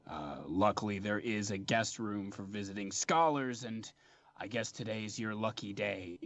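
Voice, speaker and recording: A man playing a gruff grudging gatekeeper. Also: measured pace, a bit bright, no room sound. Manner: gruff, grudging, low-key.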